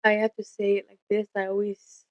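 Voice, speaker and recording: A woman's voice: mid-range voice, monotone, a little fast, no echo, muffled recording. A young woman co-hosting a casual podcast, telling stories candidly and swearing freely, acting out the lines of the people in them. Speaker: podcast co-host.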